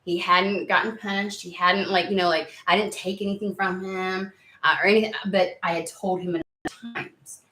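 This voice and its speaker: A woman in her thirties talks casually to her viewers, rambling through her story with plenty of fillers and restarts. Her voice is bright and forward. The sound rings in an echoey room. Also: mid-range voice, flat delivery, moderate pace. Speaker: tarot reader and channel host. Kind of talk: casual chat to camera.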